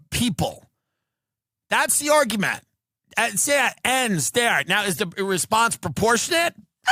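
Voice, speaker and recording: A man rants comedically on his podcast, incredulous and mocking, his pitch leaping all over the place. His voice is bright and sharp, and the recording is dry and close. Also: no room sound. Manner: incredulous, ranting, mocks others in put-on voices. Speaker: podcast host. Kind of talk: comedic rant.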